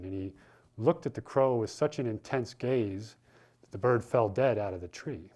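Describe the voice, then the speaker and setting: A man's voice: fairly low pitch, moderate pace, a little mellow. A man giving a spiritual talk, telling a story in an informal, conversational way with frequent restarts. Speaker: spiritual teacher. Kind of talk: sermon with storytelling.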